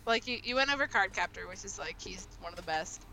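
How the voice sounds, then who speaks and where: A young woman hosting a casual group chat over an online call. She talks in an excitable, rambling way and laughs often. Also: mid-range voice, quick pace, a little hiss or hum, rough recording.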